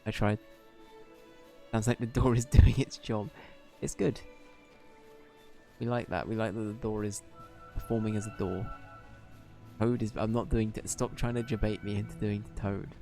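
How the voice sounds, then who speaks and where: A man's voice: lowish voice, steady tone, moderate pace, vocal fry, long pauses, warm tone, soft background music. A man streaming a game live, chatting with viewers in a giggly, self-deprecating way.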